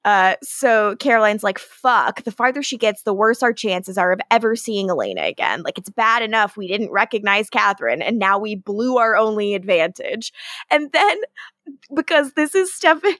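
A woman's voice: medium pitch, animated, normal speed, a bit bright, dry recording. A woman co-hosting a podcast, chatting casually, swearing and laughing as she retells TV scenes. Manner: laughing, profane, retelling scenes with playful quotes. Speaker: podcast co-host. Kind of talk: casual rewatch chat.

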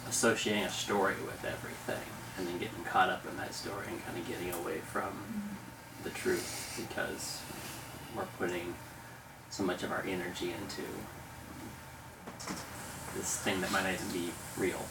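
Group member, deep gravelly man, soft and reflective, picked up from far off in an echoey, very noisy room. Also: level tone, normal speed, pauses often. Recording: distant, roomy, noisy.

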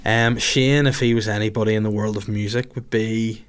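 A man's voice: fairly low pitch, fairly even intonation, normal speed, clean tone. A man hosts a comedy podcast in loose, rambling chat. He answers listener questions with crude, sarcastic riffs and plenty of swearing. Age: older than the others, adult.

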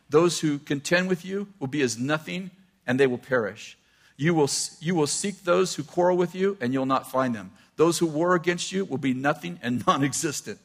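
An older man preaching a sermon, animated and laughing often as he quotes scripture. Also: a little high. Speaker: pastor.

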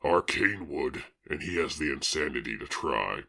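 A man voicing a grave swamp monster hero, speaking in a very deep, rumbling voice with slow, solemn delivery. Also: expressive, gravelly, bright, forceful tone, heavily acted. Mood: pleading.

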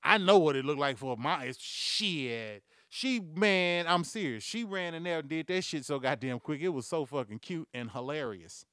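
A man with a slightly high, smooth and resonant voice hosts a comedy news podcast. He rants loudly and profanely, acting out quoted voices as he tells his stories. The recording is dry and close, with no room sound. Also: normal speed, hardly any pauses, dry recording. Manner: profane, loud, animated storytelling. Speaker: podcast host.

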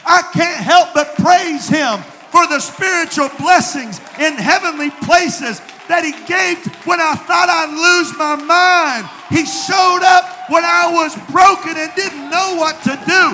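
A man with a Southern accent preaching a rhythmic sermon as pastor, swinging between hushed passages and shouted refrains. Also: extremely high pitch. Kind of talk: fiery sermon. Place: church sanctuary. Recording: long hall reverb, faint crowd and noise.

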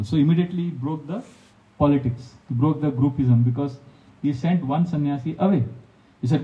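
Mellow, lively monk storyteller. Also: male voice, on the high side, brisk, recorded from a distance, highs cut off. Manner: storytelling, animated, laughs often, acts out quotes. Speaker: monk giving a talk. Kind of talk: devotional talk with personal anecdotes.

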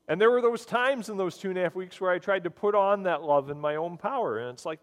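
A man's voice: high-pitched, fairly quick. Earnest preacher man in a reverberant hall. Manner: storytelling, earnest and animated. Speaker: pastor. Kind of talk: sermon.

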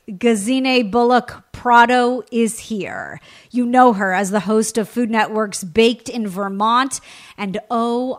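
A woman's voice: a little high, slow pace. Effusive woman hosting a radio food show. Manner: effusive, gushing.

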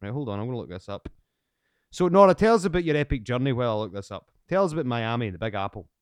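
A man's voice: medium pitch, big pitch swings, quick pace, smooth. A man hosting a podcast, cheeky and teasing, swearing casually as he chats. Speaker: podcast host.

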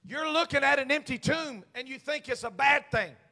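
A male senior pastor preaching a Pentecostal sermon in a church. He moves from hushed storytelling to shouted, rhythmic preaching. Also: very high-pitched, moderate pace, gravelly. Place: church sanctuary.

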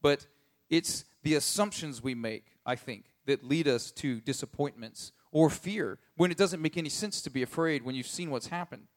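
Brief: male pastor, casual sermon, slightly high voice, chatty with lots of "like", shifting from soft asides to emphatic rises. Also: moderate pace. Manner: conversational, filler-heavy with frequent "like".

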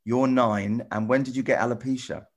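A man presenter chatting with children in a casual video call, rambling and restarting often, gentle and encouraging. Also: medium pitch, steady tone, normal speed. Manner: rambling, stop-start, many repeated "you know". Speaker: TV presenter answering children's questions.

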